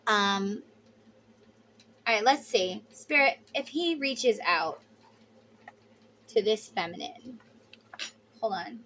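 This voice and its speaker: A woman's voice: mid-range voice, expressive, slow pace, long pauses, pushed and bright, slight background noise. A woman giving a casual tarot reading to her viewers, chatty and emphatic, sometimes blunt and swearing. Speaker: tarot reader.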